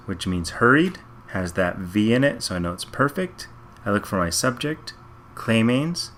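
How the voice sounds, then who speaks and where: A man's voice: lowish voice, fairly bright tone, a little hiss or hum. A man teaching Latin, working through a reading passage sentence by sentence and thinking aloud in a methodical way. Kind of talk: slow step-by-step translation walkthrough.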